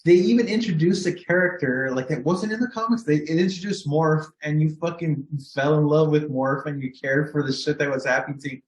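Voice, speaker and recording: Profane, animated man in an echoey room. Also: fairly high pitch, brisk, hardly any pauses. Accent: Southern Californian. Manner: animated, swears a lot, acts out reactions. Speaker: podcast co-host. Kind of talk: casual chat.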